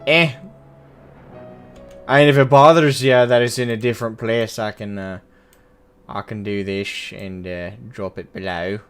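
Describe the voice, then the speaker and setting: A man's voice: lowish voice, fairly even intonation, a little slow, pauses often, clean tone, soft background music. A man streaming a game, chatting casually and self-mockingly with viewers. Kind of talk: casual gameplay commentary.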